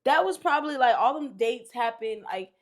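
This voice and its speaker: A woman's voice: fairly high pitch, expressive, normal speed. A young woman, a podcast guest, telling a story in casual chat, candid and profane, acting out what people said.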